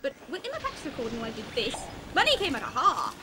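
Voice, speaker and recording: A young British woman giving fast, excitable let's-play commentary with melodramatic outbursts, game music behind. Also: high-pitched, very noisy. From Britain. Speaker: gaming YouTuber.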